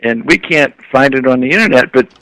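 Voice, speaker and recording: A man appearing as a comedian guest on a talk show, playful and quick to laugh as he trades jokes. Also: mid-range voice, no echo, rough recording. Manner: giggly, playful, lively. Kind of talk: casual talk show banter.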